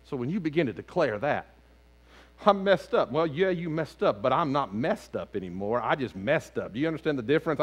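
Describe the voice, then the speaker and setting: A man preaching a sermon as lead pastor in a church sanctuary, animated, swinging between loud outbursts and hushed lines. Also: mid-range voice.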